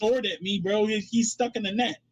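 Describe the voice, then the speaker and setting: A man's voice: high voice, fairly even intonation, fairly quick. A man playing a tabletop game, bantering and arguing incredulously with the game master. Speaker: player. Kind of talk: casual tabletop game talk.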